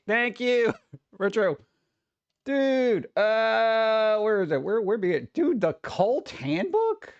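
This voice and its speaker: A man running a casual livestream chats with viewers in a jokey, excitable manner, punctuated by sudden exclamations. His voice sits fairly high; the recording is close, dry and muffled, with no room sound.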